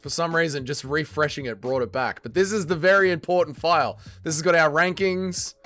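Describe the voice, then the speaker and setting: Male streamer, slightly high voice, swears a lot while reading chat, faint music behind. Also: a little fast, fairly bright tone. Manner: profane, exasperated, banters with chat. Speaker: livestream host reading chat. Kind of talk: casual livestream chat.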